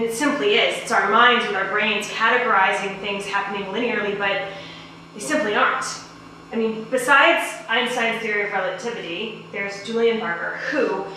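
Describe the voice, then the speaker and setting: An actress playing a playful ghost woman who lectures breezily and turns hushed and hypnotic, in a stage play. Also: mid-range voice, natural voice. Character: playful dreamy ghost woman, self-styled genius. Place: small theater stage. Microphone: distant room mic. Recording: echoey stage from far off, hum.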